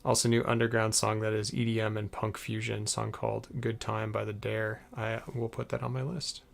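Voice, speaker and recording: A man's voice: fairly low pitch, completely flat delivery, moderate pace, creaky. A man casually chatting on a live stream while editing a podcast, giggling and muttering to himself as he works.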